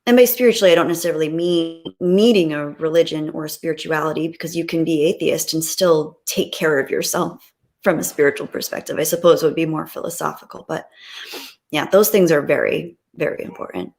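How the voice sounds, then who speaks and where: A woman's voice: deep voice, fairly even intonation, brisk, creaky, a little mellow. A woman chatting casually on a live stream, rambling reflectively with frequent ums.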